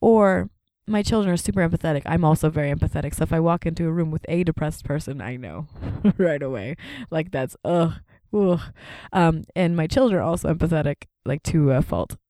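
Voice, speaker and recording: A woman in her thirties from Canada, telling stories as a guest in casual chat, with quick laughs and voices for the people she quotes. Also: deep voice, warm tone, dry recording, studio quality.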